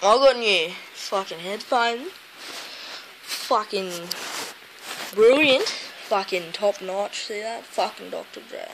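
A woman's voice: mid-range voice, slow, long pauses, a little hiss or hum, poor audio. A woman vlogging from home by a window, sleepy and grumbling, swearing in nearly every sentence. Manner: swears constantly, drowsy and grumbling. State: sleepy, just woke up. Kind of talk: casual rambling vlog.

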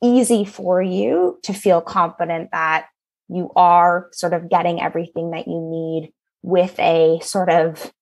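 Woman podcast guest, somewhat low voice, earnest, lots of ums. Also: creaky. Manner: earnest, many fillers and restarts. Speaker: company co-founder, guest. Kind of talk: podcast interview.

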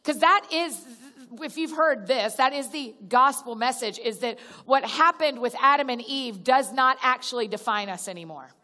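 Her voice sits high and is expressive, pushed and bright, moving at a moderate pace with hardly any pauses. As a guest speaker at a church gathering, she delivers a chatty, direct sermon, addressing the crowd as y'all, restarting sentences and acting out little prayers. A long hall reverb fills the church auditorium recording.

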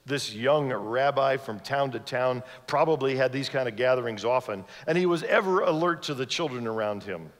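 Preaching as a guest in a large church sanctuary, a man uses a mid-range voice at a moderate pace with few pauses, telling a story and voicing its characters. The recording carries the sanctuary's long hall reverb.

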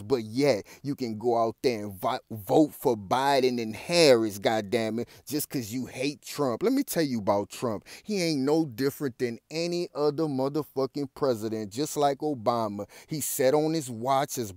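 A man's voice: medium pitch, moderate pace, hardly any pauses, a little mellow, no room sound, studio quality. A man ranting through profane news commentary, talking straight to his viewers and punching his points with repeated curses. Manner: profane, confrontational, addresses viewers directly. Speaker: commentary vlogger.

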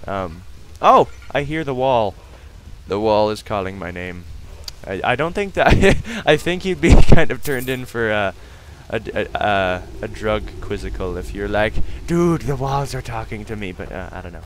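A young man giving casual let's-play commentary, excitable and silly, breaking into sudden loud outbursts and laughs. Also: lowish voice, normal speed, slight background noise. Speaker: gaming video host.

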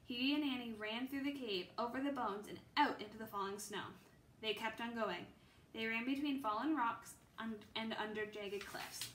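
A woman reading a children's chapter book aloud in a steady storytelling way. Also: fairly high pitch, moderate pace, a little hiss or hum. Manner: steady storytelling with small slips. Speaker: reader. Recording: roomy with faint ambience.

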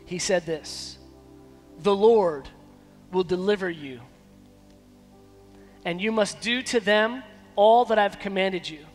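Man pastor preaching, slow deliberate delivery, high voice, echoing hall, soft music behind. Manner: emphatic preaching with dramatic pauses; acts out quoted dialogue in shifting voices. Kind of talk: sermon. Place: church sanctuary.

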